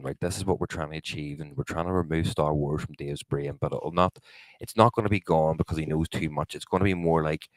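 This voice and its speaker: Man, very low voice, animated storyteller, swearing, dry sound. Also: dry recording, poor audio. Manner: swears a lot, acts out quotes, laughs often. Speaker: podcast co-host. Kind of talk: casual storytelling chat.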